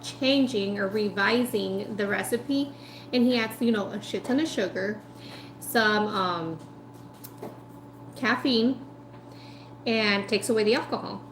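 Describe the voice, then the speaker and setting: A woman food vlogger telling a story in a chatty, animated way while eating, full of "like" and asides. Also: medium pitch, takes it slowly, long pauses, echoey room, slight background noise, low-quality recording.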